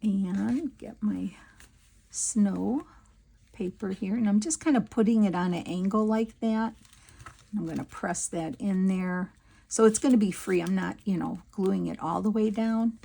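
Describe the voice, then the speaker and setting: A woman's voice: mid-range voice, measured pace, vocal fry, dark tone, husky. A woman hosting a crafting video, chatting casually and giggling as she works, with many fillers. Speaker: crafting channel host. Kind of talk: casual craft tutorial chat.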